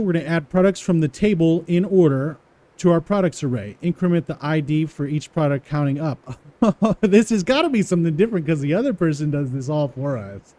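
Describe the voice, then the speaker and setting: A man walking through a coding exercise, repeating words aloud slowly as he types them and chuckling to himself. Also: on the high side, lively intonation, warm tone. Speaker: coding tutorial presenter. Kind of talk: casual live coding walkthrough.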